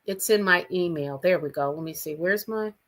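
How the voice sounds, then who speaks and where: A woman's voice: on the low side, normal speed, fairly bright tone. A woman hosting a casual gossip livestream from her own room at home, talking chattily and straight to her viewers. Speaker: livestream host.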